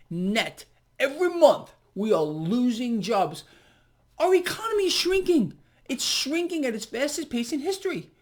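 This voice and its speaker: Emphatic indignant man commenting on markets. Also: high voice. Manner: emphatic, indignant, repeats points. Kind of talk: solo market commentary vlog.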